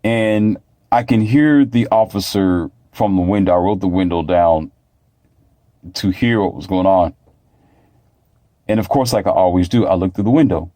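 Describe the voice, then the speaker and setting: A man's voice: low voice, normal speed, long pauses, warm tone, no echo. A man telling a story in a blunt, preachy monologue that repeats itself. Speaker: vlogger.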